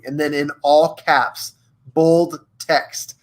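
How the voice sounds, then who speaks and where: A young man hosting a live coaching stream, energetic and playful, reading passages aloud and chatting directly to his viewers. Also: a little high, normal speed. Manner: energetic, playful, reads aloud from a book and retells movie scenes. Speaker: host of a live social media show.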